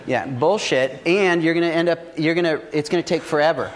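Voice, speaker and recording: A man giving casual, blunt business advice, swearing freely and telling stories in an animated way. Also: a little high, fairly quick, hardly any pauses. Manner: profane, blunt, animated storytelling. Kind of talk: casual motivational talk.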